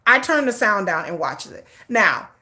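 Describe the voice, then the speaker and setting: A middle-aged woman hosting a casual livestream, rambling with restarts and repeats in an animated way. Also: mid-range voice, moderate pace. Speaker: livestream host.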